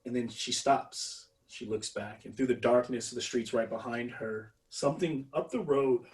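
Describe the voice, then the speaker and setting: A man narrating as game master in an unhurried, descriptive way with fillers. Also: medium pitch, a little mellow, distant mic, poor audio.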